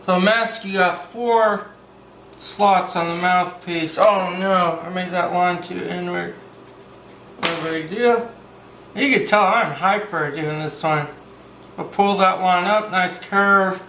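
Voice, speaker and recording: A man's voice: high-pitched, slow, pushed and bright, reverberant, slight background noise, low-quality recording. A man hosting a casual step-by-step drawing lesson, upbeat and playful, tossing in "baby" and little sung bits. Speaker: drawing tutorial host.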